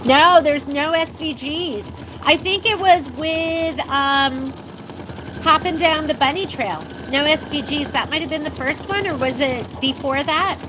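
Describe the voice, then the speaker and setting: A high-voiced woman runs a casual live sewing demo from her shop. She talks in a loose, chatty way, answering viewer questions and often laughing. A sewing machine hums through clear background noise. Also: measured pace. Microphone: handheld phone while filming.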